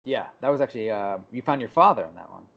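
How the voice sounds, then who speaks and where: A young man co-hosting a podcast, telling a story in a lively way and acting out the people he quotes. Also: mid-range voice, fast, creaky. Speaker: podcast co-host. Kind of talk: casual chat. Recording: dull lo-fi podcast audio.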